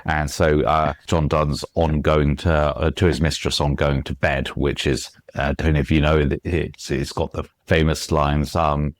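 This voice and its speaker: A very low-voiced man talks in a dry, close recording as a guest on an interview podcast. He explains things with lots of "um"s and repeated starts, breaking into recited verse and sounding out beats. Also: level tone, unhurried, hardly any pauses, no echo. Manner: explains with many fillers and restarts, recites verse and taps out rhythms. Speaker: guest author.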